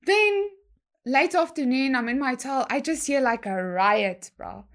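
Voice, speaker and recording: A young woman tells a story in a relaxed chat. Her voice sits a little high, and she uses slang freely. She acts out other people's lines as she goes. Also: measured pace. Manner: animated, slangy storytelling with quoted dialogue. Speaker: guest DJ.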